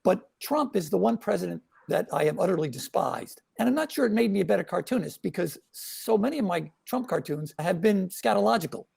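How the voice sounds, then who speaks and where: An older man speaks with a strongly gravelly, husky voice. He talks haltingly, with frequent pauses and restarts, but keeps a wry tone. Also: high-pitched, expressive, darkish tone. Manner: hesitant, many uh fillers and restarts, wry. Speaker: guest cartoonist. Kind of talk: casual panel chat.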